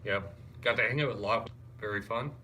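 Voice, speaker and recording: A young man chatting casually on a live stream. He greets viewers and reads their comments out loud, and he sounds wired and tired. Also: on the low side, fairly quick, slight background noise. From Canada. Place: hotel room.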